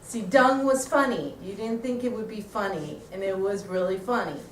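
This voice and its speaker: A woman's voice: medium pitch, moderate pace, slight background noise. A woman passes notes to actors at a stage rehearsal, talking casually with plenty of "like" and "you know". Her voice is caught from a distance, ringing in an echoey theater with faint ambience.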